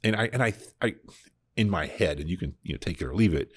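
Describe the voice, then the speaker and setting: A man's voice: low voice, lively intonation, brisk, husky. A man hosting a casual Bible discussion podcast, talking earnestly and reflectively, often restarting his sentences. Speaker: podcast host.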